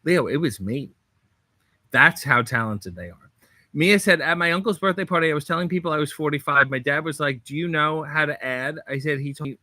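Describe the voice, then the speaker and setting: Man, livestream host, casual chat, sardonic deadpan, bright forceful voice, hotel room. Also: on the high side, fairly quick, no echo. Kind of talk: casual livestream chat reading viewer comments.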